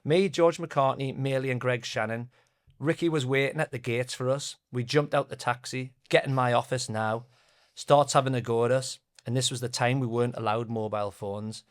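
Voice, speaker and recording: A man's voice: mid-range voice, fairly even intonation, moderate pace. Chatty man telling football tales. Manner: chatty, laughing storyteller who reads out stories sent in. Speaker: podcast co-host. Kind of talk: casual chat, telling football anecdotes.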